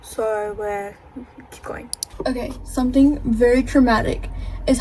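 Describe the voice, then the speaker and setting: A woman's voice: fairly high pitch, fairly even intonation, a little slow, dark tone, a little hiss or hum, rough recording. A teenage girl chatting casually in a reading vlog, gushing and dramatic about a book. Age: teens. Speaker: reading vlogger.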